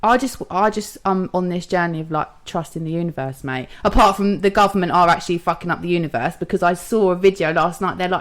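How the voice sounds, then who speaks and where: A woman's voice: lowish voice, fast talker, few pauses. A young woman co-hosting a podcast in casual, jokey chat, swearing freely and laughing often. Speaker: podcast co-host.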